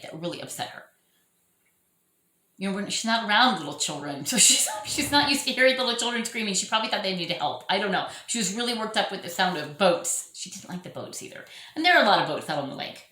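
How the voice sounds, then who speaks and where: A woman's voice: mid-range voice, pushed and bright. A middle-aged woman hosting her own channel, chatting casually and rambling with self-mocking laughs, recorded at home. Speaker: orchid channel host. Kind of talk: casual chat to camera. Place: home room. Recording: echoey room.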